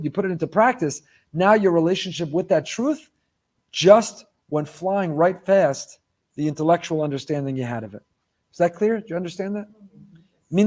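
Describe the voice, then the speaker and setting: Male rabbi, sermon delivery, emphatic and repetitive, voice sits a bit high. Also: darkish tone. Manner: emphatic, repeats key phrases.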